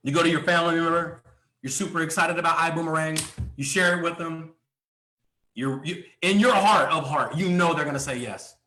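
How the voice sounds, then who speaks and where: A man giving a motivational sales training talk at a live event. He speaks emphatically, asks many rhetorical questions and often clears his throat. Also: a little high, fairly quick, sharp tone, roomy sound.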